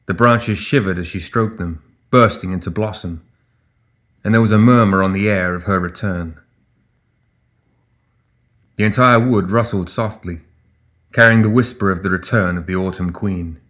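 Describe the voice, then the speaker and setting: A man reading fantasy fiction aloud in an audiobook. His voice sits on the low side, and his delivery stays steady and measured. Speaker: audiobook narrator. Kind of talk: scripted fantasy narration.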